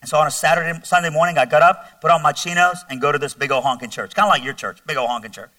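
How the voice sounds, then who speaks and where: Bright, forceful man telling a testimony. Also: on the high side, racing, no room sound, far from the mic. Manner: animated, conversational, self-mocking humor. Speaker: guest speaker giving testimony. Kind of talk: sermon testimony storytelling.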